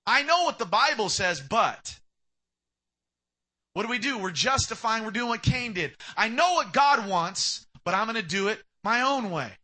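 Young male pastor, sermon delivery, high and very bright voice, emphatic. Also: expressive, normal speed. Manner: emphatic preaching, acts out quoted speakers.

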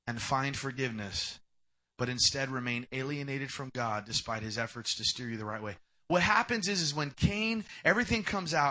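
A man preaching a sermon, animated and conversational, acting out short bits of dialogue and swinging between loud bursts and quiet asides. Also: medium pitch.

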